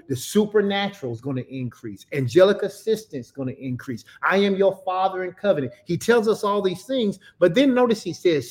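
A man co-leading a conversational sermon as pastor, teaching with rhetorical questions and answering them. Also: a little high.

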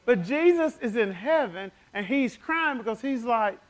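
A man's voice: very high voice, lively intonation, measured pace, a little hiss or hum. A man preaching a fervent sermon, telling stories and leading call-and-response with the congregation.

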